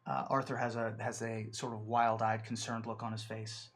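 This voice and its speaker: A man narrating a tabletop game as dungeon master, halting and thoughtful, with many fillers. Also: on the low side, completely flat delivery, background noise.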